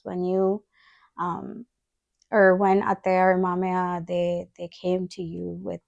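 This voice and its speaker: A woman's voice: fairly low pitch, little pitch movement, slow pace, creaky, darkish tone, dull audio. A young woman chatting casually as a podcast co-host, curious and asking probing questions. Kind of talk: casual conversation.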